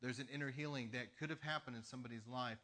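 A pastor preaching a sermon, telling stories in an animated way with laughter between lines. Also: male voice, mid-range voice, quick pace.

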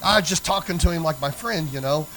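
A man's voice: on the high side, quick pace, fairly bright tone, a little hiss or hum, poor audio. A man preaching a sermon as pastor, folksy and emphatic as he tells a story. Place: church sanctuary.

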